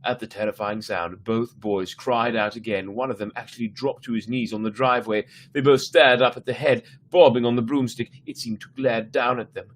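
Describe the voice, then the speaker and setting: A man's voice: mid-range voice, fairly even intonation, moderate pace, hardly any pauses, a little hiss or hum. A man reading a spooky children's story aloud on a live stream, stumbling and restarting now and then, sometimes stopping to chat with his listeners. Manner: reads with frequent slips and restarts, breaks off to chat.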